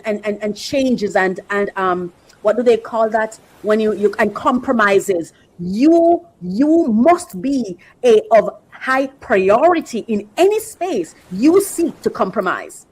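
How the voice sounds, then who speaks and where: A woman's voice: medium pitch, animated, unhurried, breathy edge, rough recording. A woman hosting a podcast, giving emphatic, opinionated commentary, repeating phrases for rhythm and dropping affectionate asides. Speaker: podcast host.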